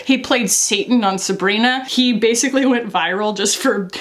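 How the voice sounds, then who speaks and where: Chatty American woman, fairly high voice. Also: normal speed, fairly bright tone. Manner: chatty, candid, frequent laughs. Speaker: beauty vlogger. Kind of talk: casual makeup review.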